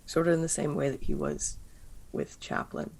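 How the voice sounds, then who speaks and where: A man's voice: on the high side, sing-song, normal speed, darkish tone. A man playing a tabletop role-playing game, describing his character's actions in a thoughtful, hesitant way. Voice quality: gravelly, raspy. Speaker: player. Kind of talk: tabletop role-play narration.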